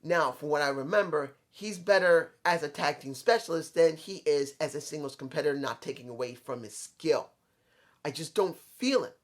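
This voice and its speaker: Man from New York with a New York accent, fairly high voice, blunt and opinionated, casual rambling wrestling recap. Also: normal speed. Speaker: wrestling commentator.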